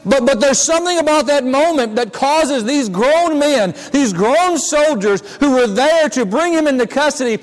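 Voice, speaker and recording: Pastor guy preaching, really high voice, big echoey church hall, gets dramatic acting out scenes. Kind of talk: sermon. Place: church sanctuary. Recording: long hall reverb.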